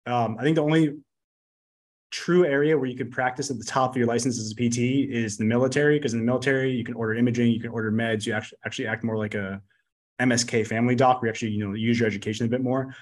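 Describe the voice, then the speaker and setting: Fast-talking, blunt man rambling casually. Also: medium pitch, steady tone. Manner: rapid, rambling, full of "like" and "you know"; blunt, swears freely. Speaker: podcast guest, business coach. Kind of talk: casual interview chat.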